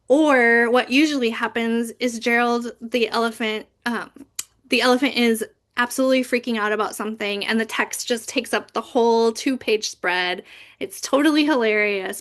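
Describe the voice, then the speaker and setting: Animated woman presenting picture books. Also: fairly high pitch. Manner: animated, bursts into big character voices when reading. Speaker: library youth services manager. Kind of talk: presenting a training session, reading picture books aloud.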